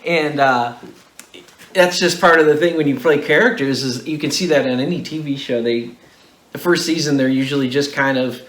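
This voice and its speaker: A man's voice: normal speed, fairly bright tone. Chatty man with a roomy echo. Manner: chatty, laughing, jumps up in pitch when joking. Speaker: co-host and actor in the web series. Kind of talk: casual behind-the-scenes chat.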